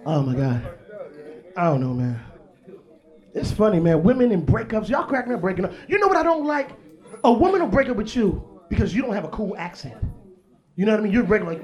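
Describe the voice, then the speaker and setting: A man's voice: high voice, big pitch swings, fast talker. A male stand-up comedian doing a profane, punchy set on stage. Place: stage before live audience.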